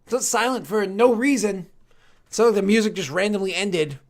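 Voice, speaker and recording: A man's voice: high voice, a little fast. A man streaming casually, rambling and joking to his chat, muttering asides and swearing now and then.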